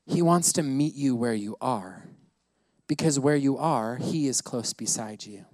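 A man's voice: mid-range voice, unhurried, a little mellow, dry recording. A man preaching a sermon to his church, playful and laughing between points. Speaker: pastor. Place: church service.

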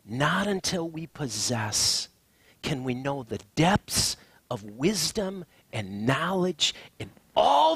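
A man preaching a sermon as a pastor, swinging from hushed, drawn-out phrases to emphatic lines. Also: a little high, big pitch swings, gravelly, slightly rough, no room sound.

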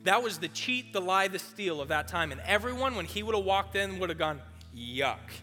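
A youth pastor preaching a sermon in a casual, animated way, talking straight to the room. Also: male voice, sits high, a little fast. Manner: animated, casual, direct address. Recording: long hall reverb, faint music.

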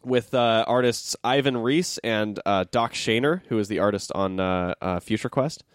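A man's voice: lowish voice, moderate pace, clear, resonant tone, dry recording, studio quality. A man hosting a podcast, chatting casually about comic news in a loose, jokey way with lots of fillers. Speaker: podcast host.

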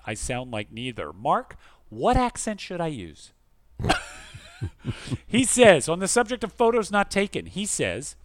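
A man co-hosting a podcast, reading listener emails aloud expressively and going quiet and soft for the serious ones. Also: no room sound. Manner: expressive reader, dropping soft and low for serious letters. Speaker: podcast co-host.

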